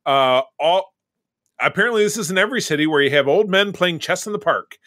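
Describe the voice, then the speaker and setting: A man's voice: sits high, lively intonation, fairly quick, pushed and bright, dry recording, clean studio sound. A man co-hosting a casual film podcast, rambling through scene recaps in a conversational way. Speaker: podcast co-host. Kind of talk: casual movie discussion.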